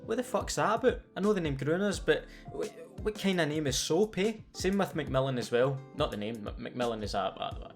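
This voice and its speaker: A man's voice: fairly high pitch, expressive, brisk, hardly any pauses, soft background music. A man with a Scottish accent, delivering scripted comedic commentary as a gaming YouTuber, sardonic and sweary. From Scotland. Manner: sardonic and sweary, playful storytelling.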